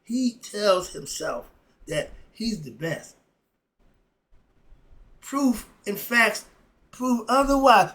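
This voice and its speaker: A man with a notably high-pitched voice delivers a solo commentary monologue. He talks in a heated, sarcastic, rambling way. He keeps circling back to the same points. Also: sing-song, takes it slowly, long pauses, a bit bright, poor audio. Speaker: philosophy commentator.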